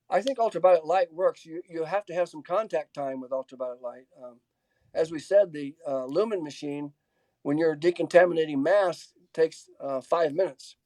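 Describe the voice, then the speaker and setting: Man, webinar speaker on a video call, mellow and dry, halting, stop-start answers. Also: a little high, no echo. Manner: halting, many restarts and fillers, reads out audience questions. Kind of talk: casual Q&A in a webinar.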